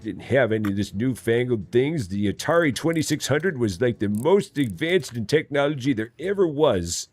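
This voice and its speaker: A man's voice: mid-range voice, sing-song, normal speed, few pauses, darkish tone. A man putting on the voice of a grumpy old man griping that things were tougher in his day. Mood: grumbling nostalgic. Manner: cranky old-timer griping about modern things.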